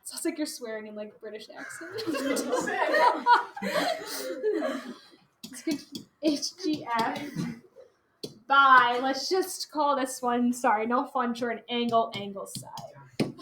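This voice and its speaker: Bright, high-voiced teacher in an echoey classroom. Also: female voice, unhurried. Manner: upbeat, laughs easily with students. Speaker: math teacher. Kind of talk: classroom geometry lesson. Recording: echoey classroom, faint noise.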